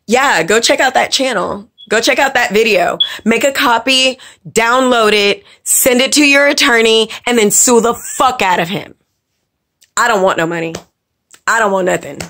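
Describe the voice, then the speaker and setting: Woman, angry vlog rant, profane, scolding, higher pitch, slow delivery. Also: fairly bright tone. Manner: blunt, profane, scolding, with repeats for emphasis. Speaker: vlogger and makeup teacher. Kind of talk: angry casual rant to camera.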